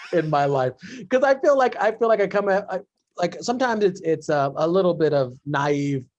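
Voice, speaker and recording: On a video call, a male podcast host conducts a casual interview, rambling, restarting sentences and laughing along with his guest. His voice is a little high, with no room sound and the highs cut off.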